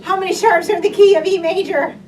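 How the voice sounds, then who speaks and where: A woman's voice: extremely high pitch, fairly even intonation, a little fast, slight background noise. A woman teaching a private piano lesson, encouraging her student and counting beats aloud. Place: piano studio indoors. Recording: distant mic, loud piano playing.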